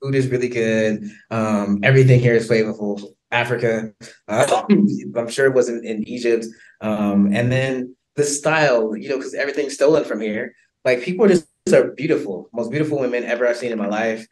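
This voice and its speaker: This American man talks with an American accent at a middle pitch, chatting casually as a podcast guest. He is animated and laughs often, with plenty of "um" and "like" as he goes. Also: moderate pace. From United States. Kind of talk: casual interview chat.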